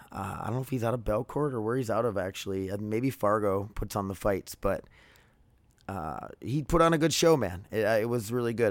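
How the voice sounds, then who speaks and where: A man's voice: on the low side, clean tone, no echo. Rambling man in his thirties hosting a podcast. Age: 30s. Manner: rambling, filler-heavy, candid. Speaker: podcast host. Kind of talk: casual solo podcast monologue.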